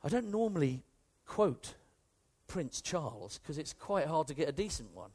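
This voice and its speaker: A British man preaching a sermon with a British accent, in an animated, conversational way that swings from hushed to emphatic. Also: fairly high pitch, normal speed, husky. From Britain.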